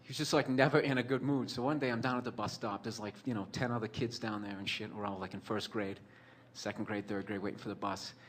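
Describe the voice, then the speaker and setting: A man in his thirties telling a long personal story, rambling with constant fillers and swearing, now and then bursting into shouted impressions. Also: lowish voice, steady tone, fast talker, few pauses, a little hiss or hum. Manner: loose rambling delivery with lots of fillers and swearing. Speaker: comedian.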